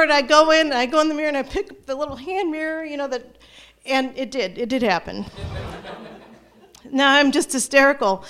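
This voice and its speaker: A middle-aged woman telling a personal story to an audience, animated and self-mocking, often restarting her sentences. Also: high-pitched, clear, resonant tone. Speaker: storyteller, former teacher.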